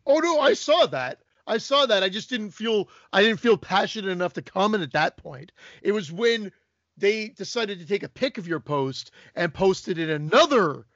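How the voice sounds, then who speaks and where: A man's voice: high-pitched, lively intonation, normal speed, fairly bright tone, dry recording, lo-fi sound. A man co-hosting a podcast, ranting in casual chat and swearing a lot. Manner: profane, ranting. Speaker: podcast co-host.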